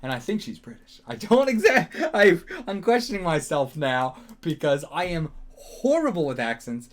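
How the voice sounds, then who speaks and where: Dude rambling thru a reaction vid, bit higher voice, lots of ums and swearing. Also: male voice, sing-song, moderate pace. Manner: rambling, self-questioning, frequent fillers and swearing. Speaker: reaction video host. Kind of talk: casual solo reaction commentary.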